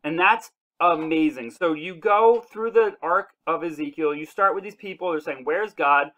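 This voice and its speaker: Man, young adult, casual online Bible lesson, earnest, conversational, slows for emphasis. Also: a little high, a bit bright, rough recording. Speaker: church devotional leader.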